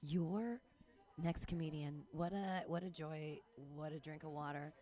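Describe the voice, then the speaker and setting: A woman's voice: low-pitched, fairly even intonation, a little slow. A woman hosting a comedy show, bubbly and giggly as she introduces the acts. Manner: bubbly, giggly, trails off quietly.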